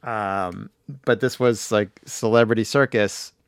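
Hoarse man rambling through a recap. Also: on the low side, steady tone, measured pace, no echo, clean studio sound. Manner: rambling, laughing episode recap. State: hoarse, losing his voice. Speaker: podcast host. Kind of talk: casual chat.

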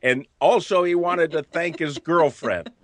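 A man's voice: fairly high pitch, a little slow, a bit bright, no room sound. A man hosting a comedy news podcast, telling odd stories with chuckles and stumbling restarts. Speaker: podcast host.

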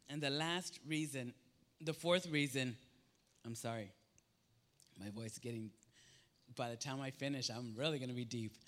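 A man's voice: fairly high pitch, pushed and bright. A man preaching a sermon, emphatic and repetitive, swinging his voice up and down as he acts out what people say.

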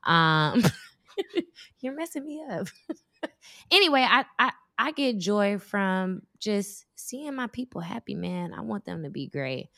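A woman in her thirties chatting casually and telling stories in an animated way. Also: medium pitch, slow pace, gravelly, no room sound, studio quality. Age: 30s. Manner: animated storyteller. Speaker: guest. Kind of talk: casual chat.

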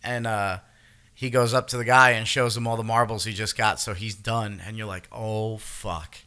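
A man recapping a TV series in casual chat, animated and swearing freely while acting out reactions. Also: on the low side, normal speed, clear, resonant tone. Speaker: podcast co-host.

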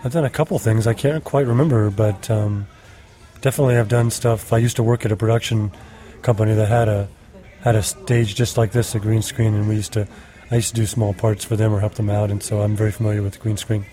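Mellow, hesitant man on a set. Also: fairly low pitch, fairly even intonation, fast talker. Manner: hesitant, many filler sounds. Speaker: actor interviewed on set. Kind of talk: casual behind-the-scenes chat. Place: indoor green-screen stage.

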